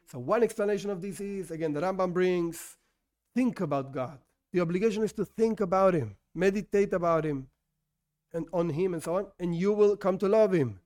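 A man with a high voice teaches an informal Torah lesson. His first language is not English, and he talks in a loose, conversational way. He restarts his sentences and keeps posing questions only to answer them himself. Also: normal speed, a little mellow. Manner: conversational, self-correcting, asks and answers his own questions.

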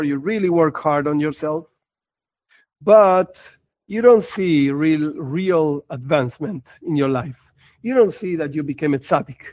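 A man with a high-pitched voice teaches a lesson on religious texts. He talks expressively, acting out small scenes and stressing points by repeating words. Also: darkish tone.

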